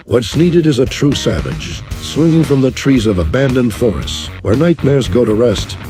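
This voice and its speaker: A man's voice: mid-range voice, warm tone. A man giving a dramatic scripted show introduction in a grave, ominous manner. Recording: music playing behind.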